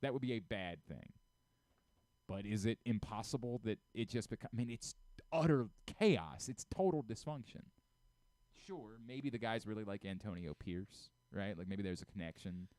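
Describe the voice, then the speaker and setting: A middle-aged man hosting a sports radio show, ranting about football with rapid swings between low muttering and shouted outbursts. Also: no echo. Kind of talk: opinionated sports talk. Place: radio studio.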